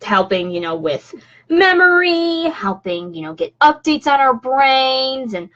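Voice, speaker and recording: A woman's voice: sits high, big pitch swings, measured pace, fairly bright tone. Woman streamer, casual and rambly, chatting from home over a slightly dull webcam mic. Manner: rambling, many fillers and restarts, chatty asides. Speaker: vlogger doing a live stream. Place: home room.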